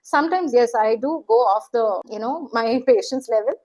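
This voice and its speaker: A woman's voice: a little high, normal speed, darkish tone, poor audio. A middle-aged woman, giving an earnest, questioning motivational talk as a life coach. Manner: acts out quoted voices.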